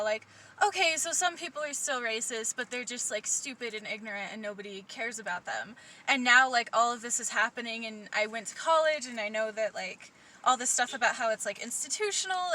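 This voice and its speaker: A woman's voice: on the high side, bright, forceful tone, recorded from a distance, low-quality recording. A twenty-year-old woman guesting on a casual podcast, talking frankly, swearing and laughing easily.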